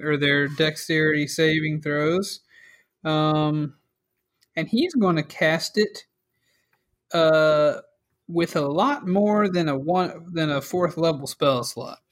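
A man narrates a tabletop game as its game master, calling out rolls and damage. He talks slowly in a slightly high voice, dotted with fillers. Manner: relaxed, with frequent fillers.

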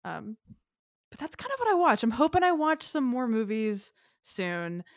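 A woman's voice: fairly high pitch, very animated, moderate pace, no echo. Woman co-host, eager and chatty, loose rambling delivery, dry close mic. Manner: enthusiastic, rambling, lots of "like". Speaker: podcast co-host. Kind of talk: casual film chat.

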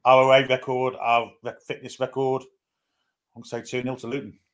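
A man's voice: medium pitch, flat delivery, brisk, fairly bright tone. A man on a fan podcast panel in casual chat, blunt and matter-of-fact.

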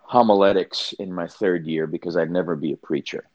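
A man's voice: deep voice, steady tone, brisk, a little mellow, no room sound, lo-fi sound. An older man, a pastor, telling a personal story as an interview guest, earnest and often restarting his sentences.

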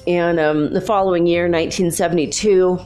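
Animated woman telling a story. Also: fairly low pitch, fairly quick, faint music behind. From Los Angeles, USA. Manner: animated, confiding, laughs while telling. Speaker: spiritual speaker. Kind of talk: storytelling monologue.

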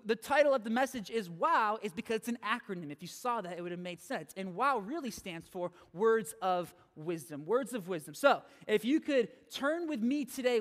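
Very high-voiced male pastor. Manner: energetic, repeats phrases, checks in with "okay?". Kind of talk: sermon. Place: church hall. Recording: long hall reverb.

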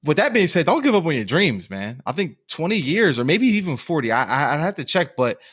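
A man's voice: on the high side, very animated, brisk, a bit bright, slightly rough, no room sound, clean studio sound. A man in his twenties co-hosting a casual chat, enthusiastically recommending shows and books. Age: 20s. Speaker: podcast co-host.

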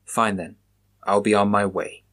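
A man voicing a determined male police officer who speaks in brisk, clipped lines. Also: lowish voice, level tone, a bit bright.

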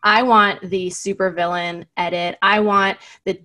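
A woman's voice: medium pitch, little pitch movement, unhurried, sharp tone. Chatty, emphatic woman podcast co-host. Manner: emphatic, chatty, laughs often. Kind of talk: casual podcast chat.

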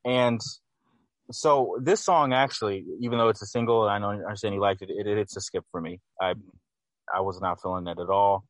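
A man's voice: fairly low pitch, steady tone, fairly quick, no echo. A man co-hosting a casual album review, critical and hesitant, correcting himself often.

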